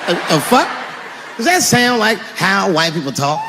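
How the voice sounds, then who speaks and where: A man doing a stand-up comedy set, animated and shouting his punchlines while acting out characters. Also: high-pitched, unhurried, in a large hall, background noise.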